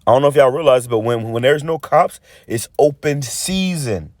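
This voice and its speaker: A man giving a casual preaching monologue, rambling and stammering as he repeats words, and reading scripture slowly and deliberately. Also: mid-range voice, darkish tone, no room sound, clean studio sound. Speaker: street preacher.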